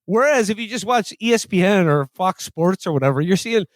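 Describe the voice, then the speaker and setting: New york guy, kinda high voice, animated, swears a bunch, dry mic. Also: fairly quick, dry recording. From New York City. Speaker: podcast co-host. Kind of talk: casual podcast chat.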